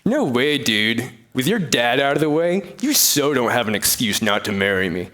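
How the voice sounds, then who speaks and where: A man's voice: medium pitch, very animated, moderate pace, a bit bright, voice pushed down. A young man voicing a cocky, boorish medieval suitor who talks in lazy dude slang, in a comic one-man play.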